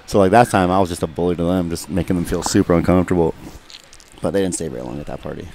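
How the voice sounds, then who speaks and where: A man's voice: low-pitched, racing, vocal fry, noisy background. A man telling a rambling, profane story in casual radio chat, acting out what people said. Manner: profane, rambling, acts out quotes. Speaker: guest fighter.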